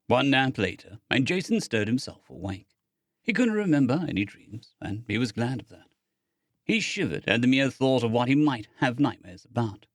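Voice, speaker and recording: A male audiobook narrator reads with expressive storytelling. His pitch moves a lot across each line. The recording is dry and close, with no room sound. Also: dry recording. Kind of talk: scripted narration.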